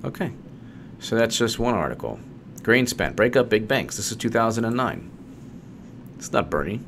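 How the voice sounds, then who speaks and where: A man's voice: fairly low pitch, very animated, moderate pace, creaky, fairly bright tone, slight background noise. A man giving an unscripted, sarcastic political rant, repeating points and mocking his opponents. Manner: ranting, sarcastic, mocks opponents in put-on voices. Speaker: political commentator.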